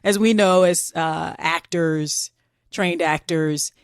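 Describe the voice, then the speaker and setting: A young woman co-hosting a podcast in casual, animated chat. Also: deep voice, clear, resonant tone, no echo, clean studio sound. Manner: chatty, animated, quick to laugh. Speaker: podcast co-host.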